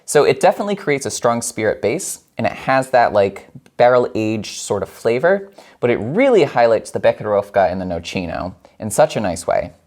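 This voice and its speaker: A man's voice: medium pitch, very animated, normal speed, darkish tone. A man hosting a home cocktail show, chatting playfully as he mixes and tastes drinks and laughing often. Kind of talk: casual cocktail demo.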